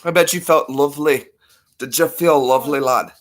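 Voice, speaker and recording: A man doing a playful put-on accent in a breathy, half-whispered voice. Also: a little high, moderate pace, natural voice. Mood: teasing.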